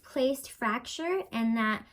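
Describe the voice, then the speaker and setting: A young woman vlogger chatting casually as she tells a personal story, full of fillers and lively retold dialogue. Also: fairly high pitch, slow pace, poor audio. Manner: chatty, lots of fillers, animated retelling.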